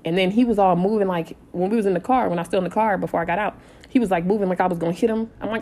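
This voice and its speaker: A woman in her thirties telling a personal story in a casual, animated way, blunt and swearing freely. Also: medium pitch, rapid-fire. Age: 30s. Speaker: storytime vlogger.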